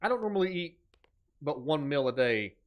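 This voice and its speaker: A man hosting a live stream of indie horror games. He talks in a slightly high voice, and his commentary is energetic and joking. He reads out chat and teases viewers between games. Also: normal speed, dull audio. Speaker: streamer host.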